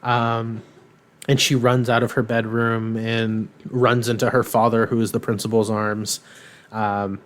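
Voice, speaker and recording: A man's voice: medium pitch, a little slow. Rambling young man recapping a cartoon. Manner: rambling, filler-heavy, animated retelling with quoted voices. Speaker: podcast co-host. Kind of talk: casual chat recapping a cartoon.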